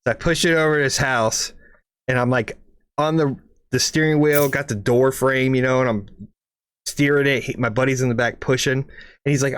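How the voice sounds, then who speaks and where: A man's voice: medium pitch, normal speed, clean tone, no room sound, clean studio sound. A man co-hosting a casual podcast, telling a long rambling story, cursing freely, tagging lines with "right?" and acting out engine noises. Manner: rambling, profane, lots of "right?" asides; animated, makes engine noises and sound effects. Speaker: podcast co-host.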